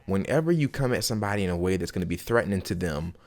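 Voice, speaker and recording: A man's voice: low voice, lively intonation, very fast, darkish tone. A man hosting a gaming video who gives casual, emphatic advice straight to his viewers, repeating his points and calling them y'all. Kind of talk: casual advice vlog to camera.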